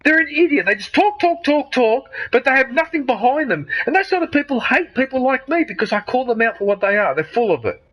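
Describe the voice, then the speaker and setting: A man's voice: very high voice, big pitch swings, brisk, hardly any pauses, a bit bright, rough recording. A man, ranting heatedly and with lots of swearing during live gameplay commentary. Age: 50s. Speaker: gaming streamer.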